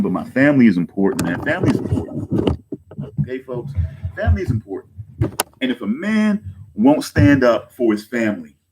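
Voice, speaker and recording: A man in his thirties delivering a heated rant straight to his viewers. He swears, repeats himself and keeps calling them "folks". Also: noisy background. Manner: agitated, swearing, repeats himself, pitch swings high when angry. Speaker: online content creator. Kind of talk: heated direct-to-camera rant.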